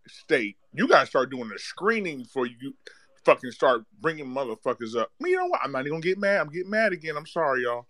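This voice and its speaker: A man's voice: on the high side, huge pitch swings, brisk, a bit bright, dry recording. A man in a heated sports chat, ranting and cursing. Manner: ranting, profane, worked up. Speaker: caller on a live audio chat.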